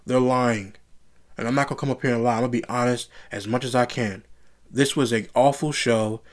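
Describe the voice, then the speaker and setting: A man's voice: medium pitch, steady tone, a little fast. A man giving a casual solo review of a wrestling show, blunt and opinionated, circling back to his complaints. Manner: blunt, opinionated and repetitive, frustrated rants.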